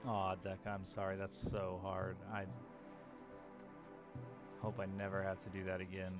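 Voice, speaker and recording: A man's voice: low-pitched, monotone, normal speed, over music. A man chatting casually and candidly with his stream viewers, openly talking about his feelings and swearing now and then. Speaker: live streamer.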